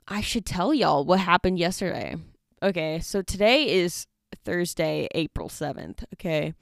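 A woman's voice: fairly low pitch, gravelly, a bit bright, no echo, studio quality. A woman in her twenties hosting a casual solo podcast, chatty and rambling with lots of fillers. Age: 20s. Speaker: podcast host. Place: dorm study room.

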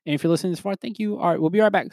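A young man hosting a casual solo podcast, rambling through a story with laughs and quick restarts. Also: sits high, gravelly, darkish tone, dry recording, studio quality. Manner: rambling, laughing, quoting others in put-on voices. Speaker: podcast host.

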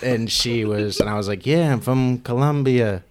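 A man's voice: medium pitch, moderate pace, noisy background. A young man in casual podcast chat, laid-back, trailing off and swearing freely.

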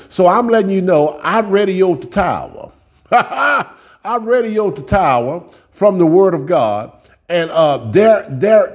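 A man with a fairly high voice preaches a sermon in a loose, folksy way. He speaks straight to his listeners and doubles back on words as he builds each point. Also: sing-song, unhurried, husky. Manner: repeats words while building up, folksy and direct.

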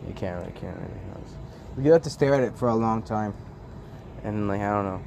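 A man's voice: lowish voice, a little fast, vocal fry, noisy background. A young man in casual chat with friends, telling a story with lots of laughs and acting out what others said. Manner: animated, laughing, acts out friends' lines.

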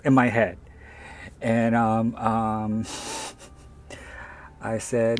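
A man's voice: mid-range voice, takes it slowly, pauses often, a little mellow, a little hiss or hum. A man, an author, telling a story in a candid, self-deprecating way and swearing freely. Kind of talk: casual anecdotal storytelling.

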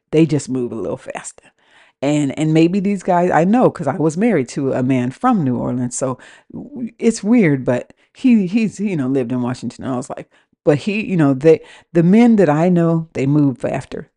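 A woman's voice: low voice, dark tone. A woman in her fifties from the West Coast, hosting a podcast and ranting casually and candidly about her dating life, swearing freely and acting out both sides of her phone calls. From West Coast of the United States. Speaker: podcast host.

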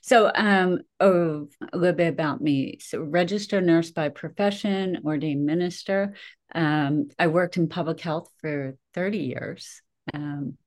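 A woman in her fifties, a guest on a podcast, telling her story in a lively, chatty way with frequent laughs. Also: low-pitched, unhurried. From Philadelphia area. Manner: animated storyteller, laughs often, acts out her own quotes. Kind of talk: casual conversational interview.

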